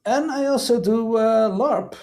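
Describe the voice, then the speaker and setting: A man hosting a casual livestream chat, quaintly formal with frequent "indeed" and "I say," pausing often on fillers. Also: extremely high pitch, mellow. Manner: hesitant, many fillers. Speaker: streamer host.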